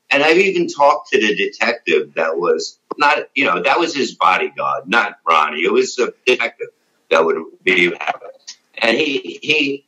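A man's voice: lowish voice, pushed and bright, poor audio. A middle-aged man telling a rambling, profane story in casual conversation, with lots of fillers. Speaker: former radio show regular, guest.

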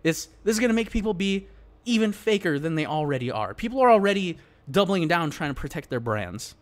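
Speaking directly to his audience in slangy, laid-back gaming commentary, this man vents with exasperated intensity. His voice is high-pitched and brisk, with big swings in pitch.

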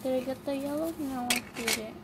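A woman narrating a toy doll shopping game in a chatty, halting way with plenty of fillers, on a noisy home recording. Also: high voice. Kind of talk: playful toy role-play narration.

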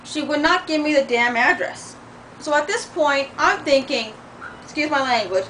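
Sharp-toned and expressive, this high-voiced middle-aged woman moves at a moderate pace through a venting vlog rant. She's in pain and sore, blunt and swearing as the heated story unfolds, recorded from a distance with faint background noise.

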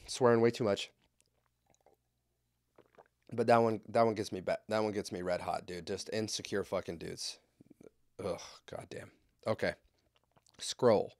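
A young man on a podcast mic, reading listener letters and launching into heated, sarcastic rants packed with swearing. His voice sits fairly low. The sound is dry and close, with no room echo. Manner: profane, heated, sarcastic ranting. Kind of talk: casual podcast rant. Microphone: studio podcast mic.

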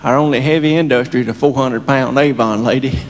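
A man from Tennessee with a thick rural Southern accent, doing stand-up comedy in a slow deadpan country drawl. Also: medium pitch, heavy background noise. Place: live comedy stage. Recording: reverberant stage with audience laughter.

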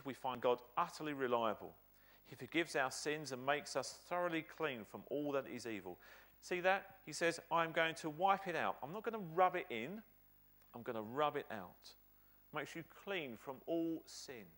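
A man's voice: mid-range voice, gravelly, fairly bright tone. A man with a British accent preaching a sermon as pastor, emphatic and repeating his key phrases.

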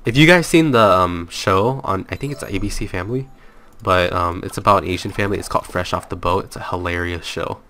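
A man's voice: low-pitched, brisk, sharp tone. Playful young man playing a game. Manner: playful, self-mocking, talks to viewers. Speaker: gaming channel host. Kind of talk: let's play commentary.

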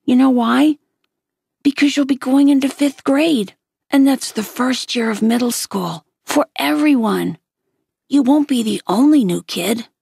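A woman's voice: sits high, a little slow, vocal fry, a little mellow, slightly rough, no echo, clean studio sound, pitched above the performer's own voice, exaggerated voice. A woman reading a coaxing, patient mom. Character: gentle, persuasive mother.

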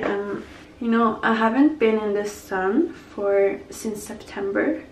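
A young woman chats slowly and a little high while getting ready for a night out, gushing and teasing herself, sometimes dropping to a whisper. She has a cold. Her voice sounds roomy and set back from the camera. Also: recorded from a distance, slight background noise. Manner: chatty, gushing, self-mocking, breaks into whispers. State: sick with a cold. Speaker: vlogger. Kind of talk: casual vlog chat.

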